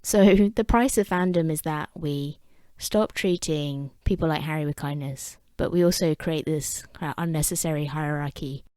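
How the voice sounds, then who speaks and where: A woman's voice: low-pitched, normal speed, hardly any pauses, dark tone, no room sound. A woman with an English accent talking to camera in a wry, chatty vlog with self-deprecating asides. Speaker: vlogger. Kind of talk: casual talking-head commentary.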